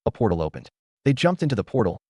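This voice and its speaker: A man reading a fanfiction story aloud, dropping flat on the speaker tags. His voice is low with lively pitch, and the sound is dry and close. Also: quick pace, husky, no room sound. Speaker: fanfiction reader. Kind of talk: fanfiction narration.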